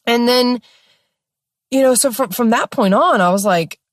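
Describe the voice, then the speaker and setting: A young woman telling a personal story in a casual, expressive way, with lots of fillers and some swearing. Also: a little high, unhurried, dry recording, studio quality. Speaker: podcast host.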